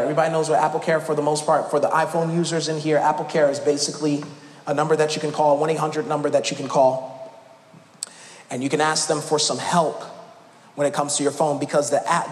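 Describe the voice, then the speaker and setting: A male pastor telling a playful, animated story in his sermon, breaking into shouts now and then, recorded in a church. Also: fairly high pitch. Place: church sanctuary. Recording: echoey church hall with background noise.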